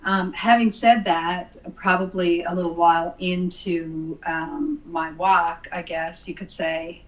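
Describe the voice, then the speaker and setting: A woman's voice: fairly low pitch, steady tone, slow. Canadian woman guest on a podcast, earnest story, um-heavy, kinda echoey lo-fi audio. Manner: earnest storytelling with many ums. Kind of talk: casual interview, telling her testimony.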